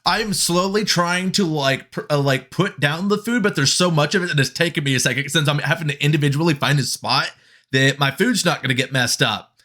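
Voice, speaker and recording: High, bright-voiced man playing a tabletop game. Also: brisk. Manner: joking, laughing, talkative. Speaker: player. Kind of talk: casual tabletop play.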